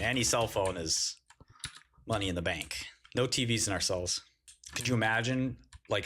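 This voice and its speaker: A man's voice: mid-range voice, a bit bright, a little hiss or hum. A man hosting a casual livestream, telling crude slangy stories and laughing often. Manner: slangy storytelling. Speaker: livestream host.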